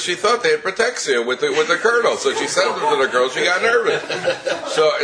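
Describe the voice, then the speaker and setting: A man's voice: fairly high pitch, animated, moderate pace, over a noisy crowd. A man teaching a Torah class, telling stories with many restarts and chuckles.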